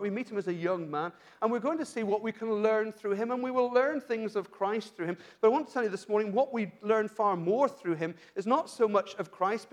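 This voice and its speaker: Man, British preacher, high voice, earnest, rhetorical questions, church sermon. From Britain. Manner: earnest, asks rhetorical questions, frequent restarts. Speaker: pastor.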